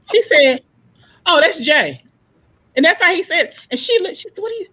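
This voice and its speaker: A woman in a casual panel discussion, telling stories in an animated way and acting out the people she quotes. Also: extremely high pitch, moderate pace, low-quality recording. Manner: animated storyteller, acts out quoted voices. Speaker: panel guest.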